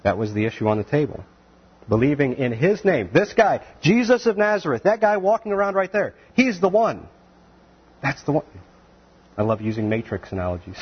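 A man teaching the Bible verse by verse, animated and acting out the voices of the people in the story. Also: medium pitch, fairly quick, husky, muffled recording. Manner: animated, acts out voices of biblical figures.

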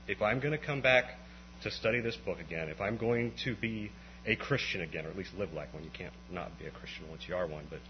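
A man preaching a conversational sermon at an evening church meeting, swinging from quiet explanation to impassioned, rising outbursts. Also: fairly low pitch. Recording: dull lo-fi recording with faint mains hum.

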